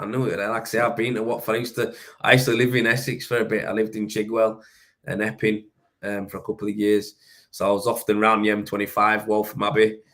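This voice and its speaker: A man with a Yorkshire accent, hosting a casual chat show, full of banter, slang and frequent laughter. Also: lowish voice. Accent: Yorkshire English. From Yorkshire, England. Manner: banter-heavy, laughing often, slang and swearing. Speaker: host.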